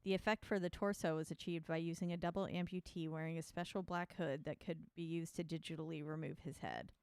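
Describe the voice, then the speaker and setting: Low-voiced woman, casual podcast chat. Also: steady tone, brisk, darkish tone, clear, resonant tone, dry recording. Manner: laughs often, reads trivia aloud. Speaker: podcast co-host.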